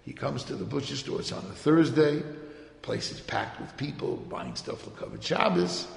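A man telling a religious tale to a gathering in a lively, conversational way, acting out the voices of the people in his story. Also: mid-range voice, normal speed, creaky. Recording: roomy hall with long reverb.

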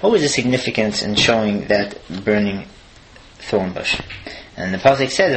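A man gives an earnest Torah lesson and keeps asking rhetorical questions. His voice is bright and forceful. A faint hiss of noise sits under the recording. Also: fairly low pitch, lively intonation, moderate pace, low-quality recording. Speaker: Torah teacher.

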